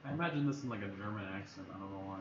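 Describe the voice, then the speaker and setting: A student in a class discussion, making quick offhand remarks. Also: male voice, on the low side. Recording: distant, roomy, muffled classroom mic.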